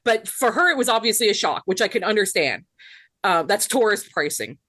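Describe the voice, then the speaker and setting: A woman's voice: mid-range voice, sing-song, brisk, a bit bright, no room sound. A woman in her thirties with a Southern US accent, co-hosting a podcast and telling a story in casual chat, laughing often and saying "like" a lot. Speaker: podcast co-host.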